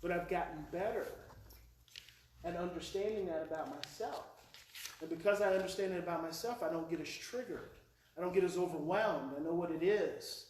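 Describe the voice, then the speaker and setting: A man in his forties from Oklahoma, with the accent to match, presents a live workshop to parents in a presentation hall. His voice sits high with a darkish tone at a moderate pace as he tells emotional stories and repeats key phrases. The roomy hall is captured from a distance, with faint noise in the background.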